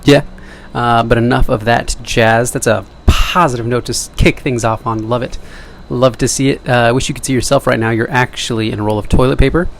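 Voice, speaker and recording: A man's voice: mid-range voice, steady tone, fairly quick, creaky, hardly any pauses, a little hiss or hum. A young man talking casually to camera in a rambling monologue, joking at his own expense and wandering into side remarks. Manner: jokey, self-deprecating, wandering asides. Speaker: vlogger.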